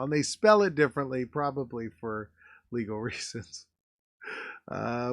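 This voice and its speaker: A man's voice: medium pitch, measured pace, gravelly, fairly bright tone, no room sound, clean studio sound. A man hosting a nostalgia video, talking casually and laughing between remarks. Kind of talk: casual vlog commentary.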